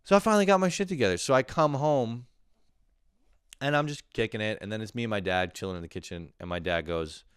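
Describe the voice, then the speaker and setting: A man's voice: fairly low pitch, quick pace, clear, resonant tone, no echo, clean studio sound. A young man delivering a casual comedic monologue, rambling and exasperated, swearing as he rants. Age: young adult. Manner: profane, rambling, exasperated ranting. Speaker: comedian podcast host.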